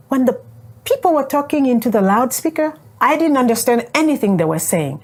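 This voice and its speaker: A woman from Congo, telling a personal story in an animated way and acting out the dialogue. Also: fairly high pitch. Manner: animated, acts out quoted dialogue, laughs often. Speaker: guest sharing a testimony.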